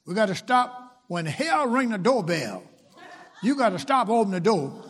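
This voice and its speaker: High-voiced man preaching a lively sermon. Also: measured pace, slightly rough. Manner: emphatic, swinging between loud lines and hushed asides; repeats phrases for rhythm.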